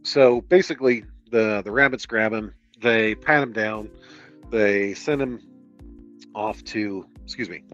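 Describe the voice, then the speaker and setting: Exasperated low-voiced man reading aloud. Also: a little slow, fairly bright tone, dull audio, faint music behind. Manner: exasperated, sarcastic, swears a lot. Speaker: streamer reading a book aloud. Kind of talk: reading aloud with profane commentary.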